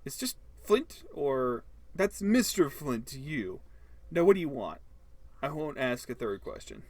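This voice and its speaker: A man's voice: medium pitch, big pitch swings, unhurried, no echo. A man voicing a stubborn, grumpy middle-aged homeowner who talks in a curt, dismissive way. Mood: gruff, curt.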